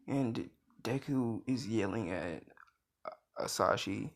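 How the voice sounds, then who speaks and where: A young man casually narrates a fan story at an unhurried pace. He rambles along with plenty of filler words and stops to correct himself mid-sentence. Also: on the low side, very animated, creaky.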